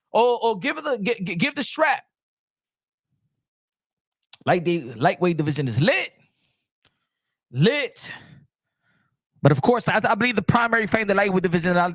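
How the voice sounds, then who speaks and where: A man hosting a solo boxing talk show, loud and playful, repeating his lines in mock outrage and tossing in Spanish phrases. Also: high-pitched, dry recording, studio quality.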